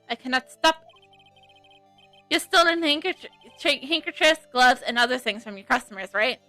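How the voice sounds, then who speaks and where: A woman streamer reading a game aloud in an earnest, quick way with frequent self-corrections. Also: high-pitched, animated, sharp tone, dry recording, faint music behind.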